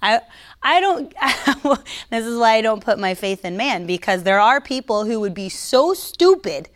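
A woman giving a casual, conversational faith teaching to her online followers, emphatic and sometimes mocking, pausing to sip coffee. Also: a little high, very animated. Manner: sips coffee while talking. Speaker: Christian teacher.

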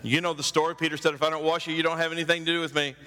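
A man preaching a sermon emphatically, acting out story voices and building to loud, high climaxes. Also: level tone, big-room sound. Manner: acts out story voices with drawn-out phrases. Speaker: pastor.

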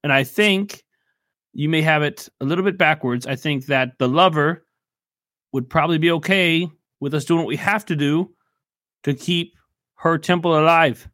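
A man's voice: on the high side, normal speed, fairly bright tone, dry recording, clean studio sound, voice pushed up, lightly acted. A man voicing an exasperated female temple shopkeeper in a patchy put-on Irish accent, in a tabletop game. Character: irritated woman shopkeeper of a temple.

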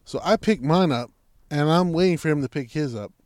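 A man recounts a story in a loose, casual chat, cursing often and getting loud as he replays heated exchanges. The sound is dry and close, with little room tone. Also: a little high, brisk, dry recording. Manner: profane, animated, acts out quoted arguments.

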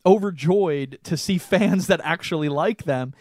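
A young man co-hosting a podcast, telling a story in casual chat, animated and laughing often. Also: fairly high pitch, measured pace, dry recording, clean studio sound. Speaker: podcast co-host.

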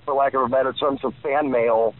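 A man's voice: medium pitch, steady tone, fairly quick. A man in his forties giving rambling interview answers, full of fillers and restarts. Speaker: guest. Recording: tinny phone line.

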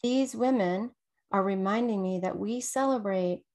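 Animated woman guest telling a story. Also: medium pitch, unhurried. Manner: animated storyteller who acts out quoted voices. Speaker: podcast guest. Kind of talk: casual interview conversation.

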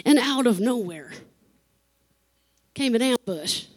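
A woman's voice: on the high side, lively intonation, slow pace. A woman pastor preaching an emotional sermon, repeating phrases for emphasis and laughing between lines.

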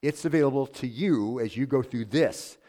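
A pastor with a mid-range voice delivers a sermon at normal speed, earnestly putting questions to his congregation and softening his tone to read a letter aloud.

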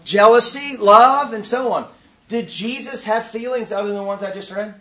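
A man leading an interactive teaching session at a conference, quizzing his audience in an animated way. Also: sits high, moderate pace. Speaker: workshop teacher.

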